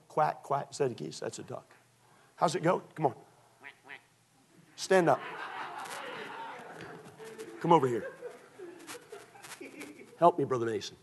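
A man preaching a sermon as pastor, moving from quiet storytelling to shouted exhortation. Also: fairly high pitch, unhurried, vocal fry, pauses often, breathy edge.

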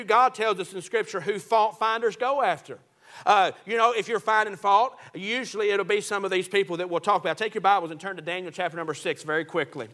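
Man, Baptist preacher, high voice, bright tone, folksy, joking, emphatic. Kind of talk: Baptist sermon.

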